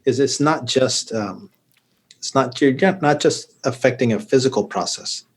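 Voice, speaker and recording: A urologist appears as a guest on a podcast interview, speaking in a mid-range, slightly breathy voice at a moderate pace. He explains things at length and livens them up with joking stories.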